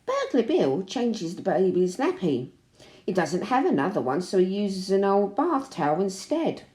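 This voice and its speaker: A woman reading a children's picture book aloud in an expressive, animated way. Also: medium pitch, unhurried. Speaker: storybook reader. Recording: roomy echo.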